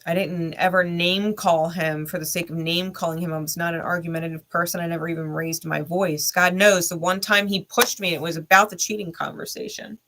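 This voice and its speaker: Woman vlogger, bright tone, blunt and profane, emphatic personal storytelling. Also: on the low side, fairly even intonation, brisk, hardly any pauses. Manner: heated, intense retelling. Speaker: spiritual content creator.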